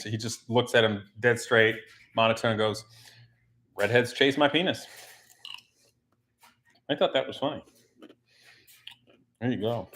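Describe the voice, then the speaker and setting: A man's voice: medium pitch, a bit bright. A man hosting a casual livestream from his home garage, rambling and joking while he works and reads the chat aloud. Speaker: livestream host.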